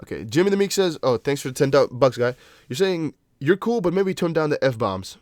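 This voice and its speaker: In a dry recording, a young man who isn't a native English speaker hosts a laid-back crypto stream, his slightly high voice brisk and full of big pitch swings. He answers viewer comments loosely, restarting often and adding apologetic asides.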